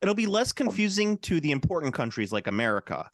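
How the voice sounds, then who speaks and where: A man's voice: fairly high pitch, sing-song, fast, no echo. Joking man on a dry mic. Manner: joking, mock-serious. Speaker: podcast co-host. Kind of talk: casual chat.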